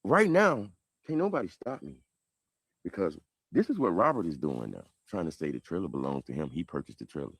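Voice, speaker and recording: A man with a Southern American accent telling a heated family story on a livestream, rambling and swinging between loud and quiet. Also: sits low, big pitch swings, brisk, husky, no room sound. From southern United States. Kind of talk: animated livestream monologue.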